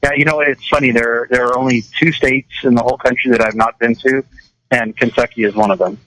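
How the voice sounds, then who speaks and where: Fast-talking man with a bright voice. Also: mid-range voice, steady tone, no echo, rough recording. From California. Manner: rambling, lots of restarts and repeated words. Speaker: radio show host. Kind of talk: casual radio chat.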